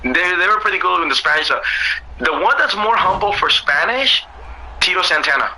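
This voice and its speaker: A man with a hoarse voice in loose, laughing casual chat as co-host, swearing freely. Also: high-pitched, expressive, brisk, bright, forceful tone, low-quality recording.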